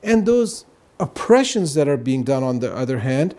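A man's voice: medium pitch, sing-song, normal speed, warm tone. A man speaking as a guest on a religious talk show, explaining earnestly and often checking in with "right?" and "you know".

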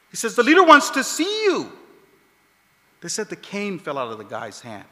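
Male preacher, storytelling sermon, very high and lively voice. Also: moderate pace, pauses often. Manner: animated, acts out quoted voices. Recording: long hall reverb.

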